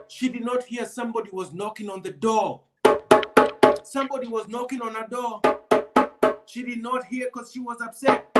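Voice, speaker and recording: A man telling a folk tale with repeated lines and questions to the audience. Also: very high voice. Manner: repetitive, call-and-response delivery. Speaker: storyteller. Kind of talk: storytelling for an audience.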